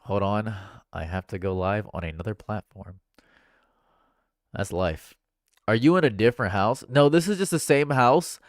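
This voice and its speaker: A man's voice: on the low side, moderate pace, pauses often, dry recording, studio quality. Sarcastic man ranting on a livestream. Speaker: streamer. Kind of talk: livestream commentary. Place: home. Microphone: condenser USB microphone.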